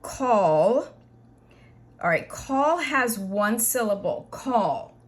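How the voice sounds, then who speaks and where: A woman teaching an English grammar lesson, explaining slowly and patiently with repeated examples. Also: mid-range voice, lively intonation, a little hiss or hum.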